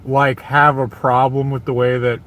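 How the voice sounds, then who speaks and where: A man's voice: mid-range voice, little pitch movement, normal speed, a bit bright. An American man ranting in a repetitive, emphatic, exasperated monologue. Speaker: vlogger.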